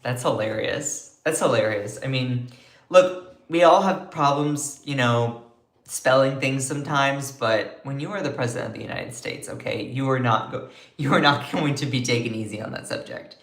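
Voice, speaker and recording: Low-pitched woman, excitable live news commentator, echoey room. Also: moderate pace. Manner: chatty, opinionated, excitable, talks to chat. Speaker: host of a news commentary livestream.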